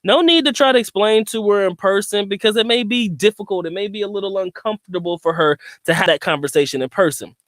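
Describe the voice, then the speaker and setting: Rambling man, fairly high voice. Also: fast, hardly any pauses, a bit bright, no room sound, clean studio sound. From Southern United States. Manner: rambling, talks straight to viewers with frequent asides. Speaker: vlogger. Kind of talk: casual to-camera monologue.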